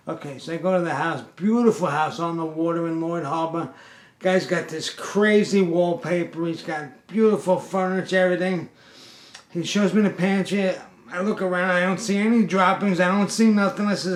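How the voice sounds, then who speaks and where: Man, blunt streetwise storyteller, fairly high voice, roomy echo. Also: fairly quick. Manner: streetwise and blunt, talking straight to the listener. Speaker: pest control operator. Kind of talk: casual storytelling.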